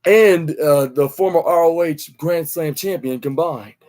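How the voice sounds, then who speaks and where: A young podcast host with a slightly high, darkish voice recaps a wrestling show at an unhurried pace. His delivery rambles, packed with fillers and restarts, and he acts out the lines he quotes.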